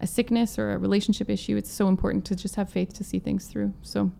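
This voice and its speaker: A woman's voice: mid-range voice, fairly even intonation, fast, gravelly, dark tone, a little hiss or hum. A woman from Manitoba, a guest musician, telling a story in a casual interview and acting out the quoted lines in her own voice. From Manitoba, Canada. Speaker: guest musician, violinist and singer.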